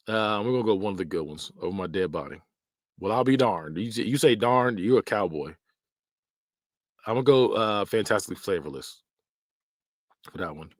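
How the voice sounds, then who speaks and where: A man with a low voice hosts a podcast, bluntly ranking phrases in slangy tier-list commentary. He's animated, laughs often, and mimics the phrases in mock voices. The recording is clean studio quality with no room sound.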